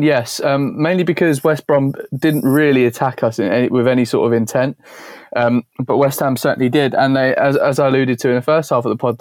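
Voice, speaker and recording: A man's voice: mid-range voice, darkish tone, dry recording, clean studio sound. A man casually analysing football on a podcast, with frequent fillers. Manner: confident, hesitant fillers. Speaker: podcast co-host.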